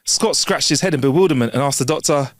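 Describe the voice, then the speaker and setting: A man's voice: a little high, fast, no echo, studio quality. A man co-hosting a comedy podcast, reading out listener jokes in a slangy, chuckling way. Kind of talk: casual comedy chat. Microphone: close studio mic.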